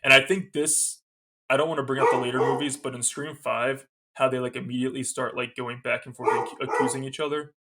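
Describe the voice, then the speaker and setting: A podcast co-host recaps a movie scene by scene for a casual review, gushing like a fan. His brisk, mid-range voice has little pitch movement, and his delivery is loose and rambling with many fillers. The recording is very noisy.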